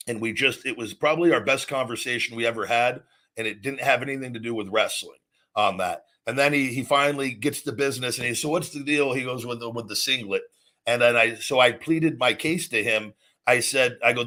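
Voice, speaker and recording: A man's voice: mid-range voice, bright, forceful tone. A middle-aged man hosting, telling a long casual story in a rambling, profane way with many restarts. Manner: rambling, profane, repeats himself. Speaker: host.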